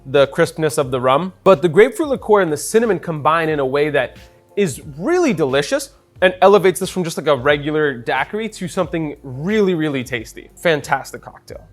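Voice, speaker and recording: A young man, a bartender telling a story in a casual, animated way while making a cocktail. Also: on the high side, brisk, faint music behind. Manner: chatty, animated storyteller with many fillers.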